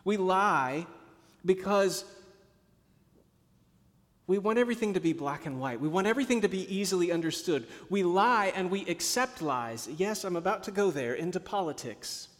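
Pastor preaching in a reverberant hall. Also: male voice, sits high, lively intonation, normal speed. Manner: storytelling, swings from hushed to emphatic. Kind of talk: sermon.

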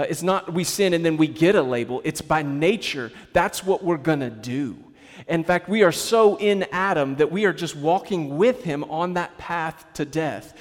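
A man preaching in a church, speaking in a fairly high voice that rings through a long hall reverb. He talks to the congregation conversationally, tossing in casual asides and rhetorical questions. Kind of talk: sermon.

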